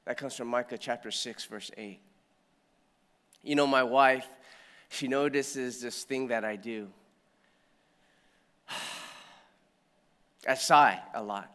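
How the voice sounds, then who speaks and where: A male pastor preaching a sermon in an earnest, reflective way, often sighing and letting phrases trail off quietly. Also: fairly high pitch, long reverb tail.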